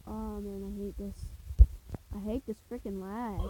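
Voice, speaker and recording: A woman's voice: medium pitch, steady tone, unhurried, dark tone, slight background noise, poor audio. A woman gaming YouTuber talking casually over her gameplay, playful and goofy, prone to silly outbursts and singing.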